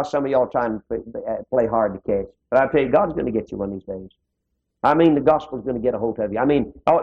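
A man preaching a sermon in a folksy way, his pitch rising and dropping suddenly. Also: creaky. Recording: dull lo-fi old sermon tape.

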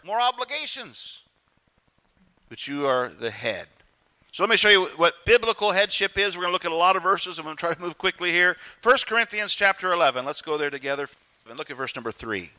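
A middle-aged man preaching a sermon as pastor, with emphatic delivery and quick acted-out voices. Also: sits high, pushed and bright.

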